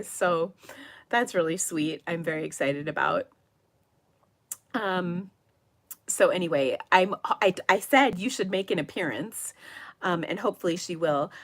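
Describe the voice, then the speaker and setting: A middle-aged woman hosting a craft livestream from her home, chatting in a rambling way with frequent laughs and hushed asides. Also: lowish voice. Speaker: papercraft livestream host. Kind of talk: casual livestream chat.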